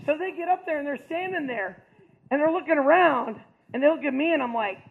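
A man with a very high voice tells a comic stand-up story, animated and jumping into his characters' voices. The sound is thin and tinny, like a phone line. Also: fairly quick, gravelly, slight background noise. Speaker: stand-up comedian.

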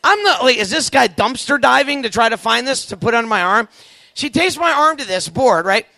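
A man in his forties telling a funny story to a youth camp crowd, animated and acting out the voices, with quick asides to the audience. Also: extremely high pitch, gravelly, no room sound. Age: 40s. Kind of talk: comedic storytelling to a live audience.

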